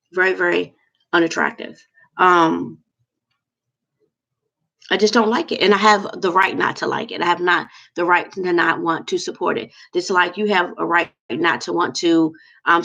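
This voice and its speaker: A woman with a gravelly, fry-heavy voice ranting on a livestream, blunt and candid, stalling often with fillers. The audio is muffled and lo-fi. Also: medium pitch, fairly bright tone. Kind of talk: livestream vlog rant.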